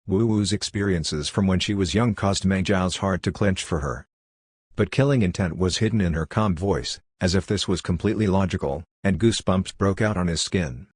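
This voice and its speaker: Audiobook narrator, male, low voice, dry and close. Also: normal speed, a little mellow, breathy edge, no room sound. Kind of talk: scripted narration.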